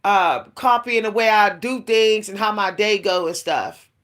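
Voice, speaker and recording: A woman's voice: mid-range voice, measured pace, fairly bright tone. A woman speaking to her listeners in a casual spiritual monologue, her voice sitting in an ordinary middle range. She rambles in a confiding way, with plenty of fillers and restarts, and laughs now and then as she talks. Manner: confiding, addresses listeners directly. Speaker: spiritual vlogger.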